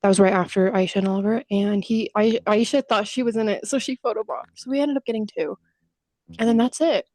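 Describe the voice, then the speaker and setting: A woman's voice: medium pitch, brisk, darkish tone, no echo. A young adult woman co-hosting a podcast, chatting casually and telling stories with casual swearing and acted-out quotes. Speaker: podcast co-host. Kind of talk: casual chat.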